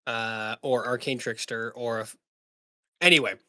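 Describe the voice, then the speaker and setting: A man's voice: medium pitch, fairly even intonation, normal speed, pushed and bright, no echo, clean studio sound. A man hosting a casual podcast, joking and rambling as he talks. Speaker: podcast host.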